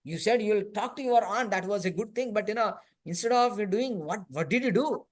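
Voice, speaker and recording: A man's voice: sits high, brisk, pitched above the performer's own voice. A man voicing a stern male judge scolding a criminal in a classroom story.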